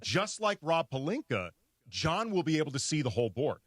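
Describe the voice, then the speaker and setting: A man co-hosting a sports radio show, chatty and quick to laugh, often restarting his sentences. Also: a little high, sing-song, background noise. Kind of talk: casual sports talk chat.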